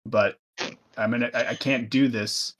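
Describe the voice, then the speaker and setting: A man's voice: mid-range voice, fairly even intonation, normal speed, fairly bright tone, close to an everyday voice. A man voicing a hooded, cloaked recruiter in a tabletop game, speaking casually. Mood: persuasive.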